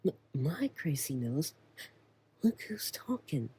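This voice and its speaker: A woman playing a young woman hiding with a friend in a closet, hushed and scolding in a whispered role-play. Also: low voice, big pitch swings, slow pace, a little hiss or hum, full character voice.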